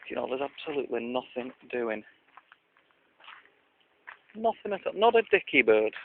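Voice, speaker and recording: A man rambling through an outdoor video diary in a dry, self-mocking way. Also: mid-range voice. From Lancashire, England. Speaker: vlogger. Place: outdoors at a country park. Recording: tinny, lo-fi with faint hiss.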